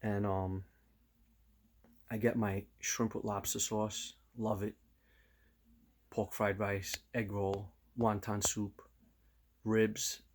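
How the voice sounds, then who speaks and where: A man, chatting casually to camera as a vlogger and telling stories in an animated way. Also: fairly low pitch, slow, pauses often, slight background noise. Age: 50s. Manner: animated storyteller, slips into loud quoted voices.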